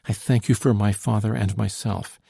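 A man's voice: fairly low pitch, fairly even intonation, moderate pace, creaky, mellow, breathy edge, dry recording, clean studio sound, heavily acted. A man voicing an anxious, devoted young woman in an audiobook, eager and pleading. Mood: grateful. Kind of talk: audiobook character reading.

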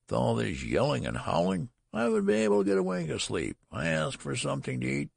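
A cracked and ancient voice whines out its grievances, as a deep-voiced man puts it on. This storybook old man is querulous and weary, and his complaints climb well above the narrator's low register into a thin, shrill pitch. The sound is husky and dry. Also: huge pitch swings, fairly quick, dry recording, full character voice. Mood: shrill whining. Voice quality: cracked, whining. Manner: complaining, rising to shrill protest.

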